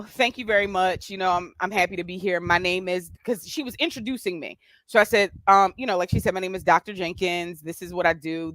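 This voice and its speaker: A woman's voice: lowish voice, a bit bright, dry recording. A woman with a doctorate telling a workplace story in a casual live-stream chat, with many fillers and restarts. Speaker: guest with a doctorate.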